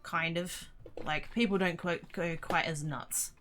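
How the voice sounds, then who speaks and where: A woman's voice: on the low side, steady tone, a little slow, fairly bright tone, slight background noise. An Australian woman in her young adult years, chatting casually with viewers while playing, muttering and swearing at the game. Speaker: streamer. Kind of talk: casual gaming livestream chat. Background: game music.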